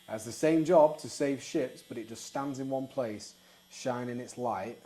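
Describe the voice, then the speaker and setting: A man's voice: medium pitch, measured pace, mellow, poor audio. A man hosting an interview, telling stories in a reflective way. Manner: reflective, storytelling. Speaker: podcast host. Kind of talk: casual interview chat.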